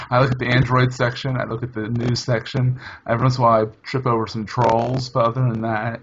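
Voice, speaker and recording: A man's voice: medium pitch, level tone, a little fast, fairly bright tone, muffled recording, slight background noise. A man hosting a podcast, talking in a rambling, chatty way and often correcting himself mid-sentence. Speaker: podcast host. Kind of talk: casual chat.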